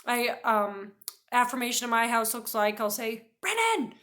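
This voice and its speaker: A woman giving a casual teaching talk on behavior, chatty and full of little "right?" asides, telling stories in a lively way. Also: on the high side, normal speed. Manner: lively storyteller who acts out quoted voices. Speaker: behavior educator.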